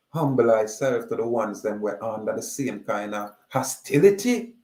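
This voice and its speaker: A man's voice: fairly low pitch, mellow, echoey room, low-quality recording. A man with a Jamaican accent giving an emphatic monologue, drawing out his words as he declaims. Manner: slow, drawn-out, declaiming. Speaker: speaker.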